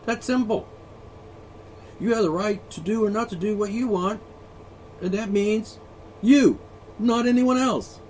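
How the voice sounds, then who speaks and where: A man's voice: high voice, unhurried, pauses often, darkish tone, slight background noise. A man ranting alone, profane and sarcastic, mocking the people he is angry at. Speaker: ranting vlogger. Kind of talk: angry solo rant.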